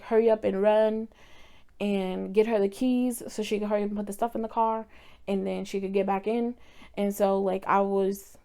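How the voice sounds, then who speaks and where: A woman's voice: medium pitch, gravelly, darkish tone, smooth. A young woman vlogger telling a painful personal story in a candid, emotional way, sometimes swearing.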